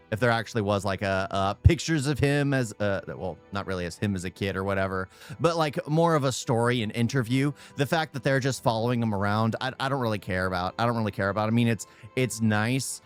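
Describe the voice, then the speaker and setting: A man giving casual, opinionated reaction commentary on a video, rambling, restarting and repeating his own phrases. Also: lowish voice. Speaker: YouTube reactor.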